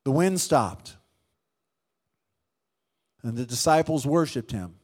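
A man preaching a sermon, swinging between loud emphatic lines and hushed ones and calling out to the congregation. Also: mid-range voice, expressive, slow. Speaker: pastor.

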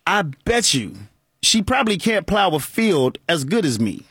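Animated forty-something man, lively pitch. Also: measured pace, slightly rough, no room sound, clean studio sound. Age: 40s. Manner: animated, joking, laughs often. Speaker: radio show host. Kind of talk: call-in talk show monologue.

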